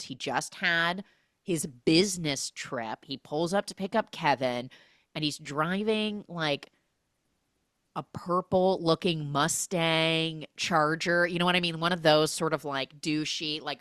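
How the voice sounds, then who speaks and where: A woman hosting a podcast, recapping a movie in an animated, gossipy way full of 'like'. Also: low voice, no room sound, clean studio sound. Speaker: podcast host.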